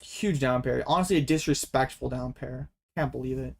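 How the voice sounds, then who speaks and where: A young man giving casual gameplay commentary as a card game YouTuber, excitable and full of dramatic mock complaints. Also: mid-range voice, normal speed, creaky, slight background noise.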